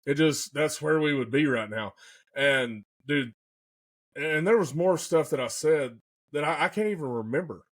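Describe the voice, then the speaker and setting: An excitable young man with a somewhat high-pitched voice tells a hunting tale in loose, folksy podcast chat. He gets animated and carried away as he talks. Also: moderate pace. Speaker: podcast hunter telling a hunt story. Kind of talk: casual storytelling chat.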